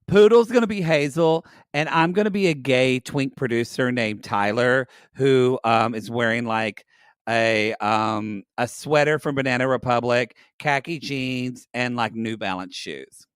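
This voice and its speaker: A man's voice: medium pitch, a little slow, a bit bright, smooth, no room sound, clean studio sound. A man co-hosting a podcast, chatting casually and playfully, riffing bits and calling listeners y'all. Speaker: podcast co-host. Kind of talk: casual comedic chat.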